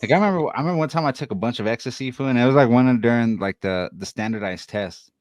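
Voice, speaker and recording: A man's voice: mid-range voice, very fast, no room sound, clean studio sound. A young man from Denver telling rambling, profane stories in a casual podcast chat, laughing as he goes. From Denver, USA. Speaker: podcast co-host.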